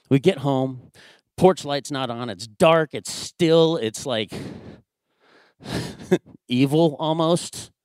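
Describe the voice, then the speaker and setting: A man's voice: mid-range voice, darkish tone, no echo, studio quality. A man in his thirties telling a personal family story to a church audience, acting out his own raised voice in quoted lines. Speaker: church speaker. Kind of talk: sermon storytelling.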